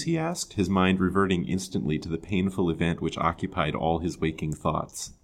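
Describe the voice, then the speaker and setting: A man with a very deep, low voice narrating an old-fashioned novel chapter by chapter. His reading is measured and expressive, steady through long sentences. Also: creaky. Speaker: storyteller. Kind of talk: storybook reading.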